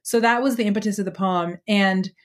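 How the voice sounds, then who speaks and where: A woman poet explaining her work in a reflective, measured way, with frequent pauses and ums. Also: medium pitch. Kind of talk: thoughtful conversational explanation.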